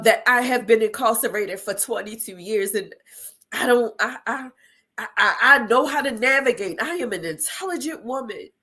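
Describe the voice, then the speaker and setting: A woman's voice: on the high side, a bit bright. A middle-aged woman hosting an inspirational show, speaking in an emotional, preacher-like monologue with repeated phrases, near tears and defiant. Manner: preacher-like repetition, tearful and defiant. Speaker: host.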